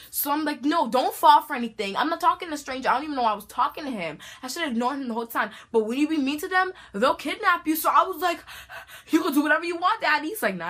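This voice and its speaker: A teenage girl vlogger telling a storytime tale in a dramatic, animated way, full of slang. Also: sits high. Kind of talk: storytime vlog.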